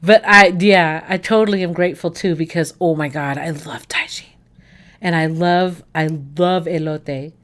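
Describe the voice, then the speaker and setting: Speaking at a moderate pace with hardly any pauses, this woman has a fairly low, slightly bright voice and fairly even intonation. She's an American livestream host chatting casually with viewers, gushing about food, rambling with fillers and self-corrections.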